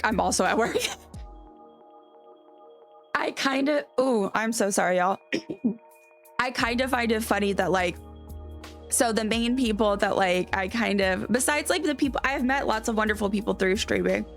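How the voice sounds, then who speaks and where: A woman's voice: on the high side, measured pace, long pauses, soft background music. A woman live streamer with a light Cajun-tinged Southern American accent, chatting casually in a rambling, self-correcting way and laughing often. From Cajun country, US South. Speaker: live streamer playing a life-sim game.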